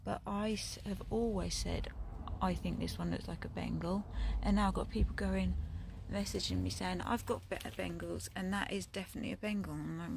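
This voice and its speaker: A woman, chatting casually to stray kittens and cooing at them in a high sing-song voice. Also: steady tone, brisk, vocal fry, darkish tone, slight background noise. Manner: coos and sing-songs to the kittens in high pitched baby talk. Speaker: vlogger. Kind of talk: casual chat to stray cats.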